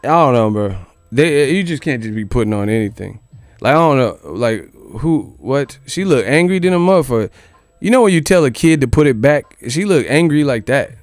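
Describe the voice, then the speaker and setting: A man's voice: mid-range voice, expressive, normal speed, no room sound, faint music behind. A man hosting a boxing news channel in casual commentary, joking and incredulous, with plenty of swearing. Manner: incredulous, joking, profane rant.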